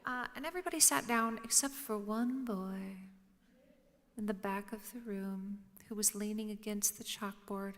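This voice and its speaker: A woman's voice: mid-range voice, moderate pace, fairly bright tone. A woman telling humorous, self-mocking stories to an audience on stage, dropping to a whisper for quoted lines. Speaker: featured speaker. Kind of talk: storytelling on stage. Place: lecture hall with audience. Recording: roomy hall reverb.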